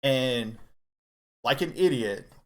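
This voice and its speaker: A middle-aged man telling a candid personal story in casual chat, earnest and halting as he opens up. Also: medium pitch, lively intonation, a bit bright. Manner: earnest, halting, open about emotion. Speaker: co-host guest dad.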